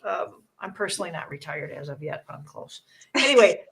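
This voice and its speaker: A woman's voice: on the low side, animated, fairly quick, gravelly. A woman hosting a live show, giving a casual spiritual card reading in an earnest, reassuring way, often restarting her sentences.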